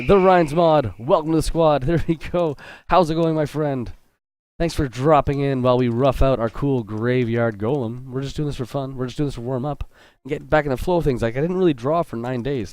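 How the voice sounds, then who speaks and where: A man's voice: medium pitch, fairly quick, a little mellow, dry recording. Chatty upbeat man on a dry mic. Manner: chatty and upbeat, greeting viewers and reading chat aloud; joking and self-interrupting. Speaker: game artist hosting a live drawing stream. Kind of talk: casual livestream chat while drawing.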